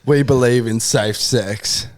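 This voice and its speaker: A man's voice: medium pitch, fairly even intonation, slow, darkish tone. A young man co-hosting a podcast, teasing the others and wrapping up the episode. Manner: teasing, reacting, wraps up the episode. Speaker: podcast co-host. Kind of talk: casual banter.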